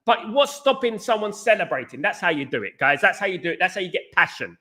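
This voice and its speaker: Bright, high-voiced football host. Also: male voice, quick pace. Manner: animated, repetitive, addresses viewers as guys. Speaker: podcast host. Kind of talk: casual football opinion chat.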